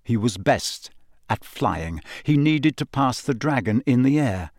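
A man reading a storybook aloud in a steady, measured narration. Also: medium pitch, dry recording, studio quality. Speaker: audiobook narrator.

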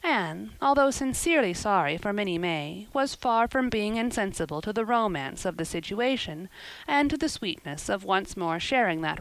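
A woman's voice: medium pitch, smooth, no room sound, poor audio. Woman reading a storybook aloud. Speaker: narrator. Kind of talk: audiobook narration.

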